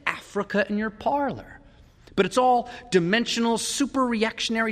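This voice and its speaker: A man's voice: extremely high pitch, long reverb tail, pitched above the performer's own voice, exaggerated voice. A man doing a rattled, laughing-scared husband. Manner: shaky, overexcited reassurance. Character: rattled husband trying to reassure his wife.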